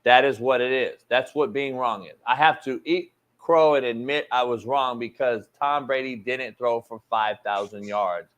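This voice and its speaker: A sports talk show host, a man, ranting loudly and with plenty of profanity as he defends his opinions. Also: mid-range voice, moderate pace, few pauses. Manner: loud, profane, emphatic and combative. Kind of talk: heated sports radio rant.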